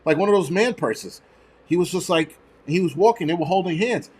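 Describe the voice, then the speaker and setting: A man's voice: high-pitched, lively intonation, a little fast, a little mellow, slightly rough. A man, ranting and swearing loosely on a casual livestream. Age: 40s. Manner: profane, ranting, mocking. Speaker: livestream host.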